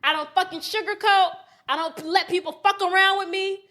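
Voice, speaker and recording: Late-20s woman with a high voice, ranting on a podcast, blunt and full of swearing. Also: fairly even intonation, brisk, pushed and bright. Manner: blunt, profane, heated storytelling. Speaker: podcast co-host. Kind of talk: casual storytelling chat. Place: podcast studio.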